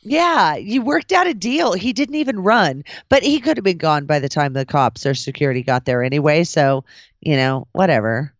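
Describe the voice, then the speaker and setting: A woman with a lower voice talks bluntly and playfully, her pitch swinging widely as she jokes. The sound is dry and a little dull, as if recorded on a modest podcast mic. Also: animated, normal speed, no echo. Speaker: podcast host. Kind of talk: casual chat.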